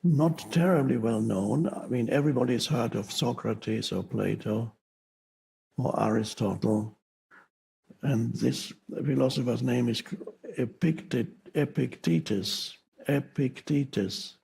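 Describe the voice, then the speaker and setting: A man giving a spiritual teaching talk, speaking slowly with pauses and halting restarts. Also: medium pitch, creaky, dark tone, breathy edge, poor audio.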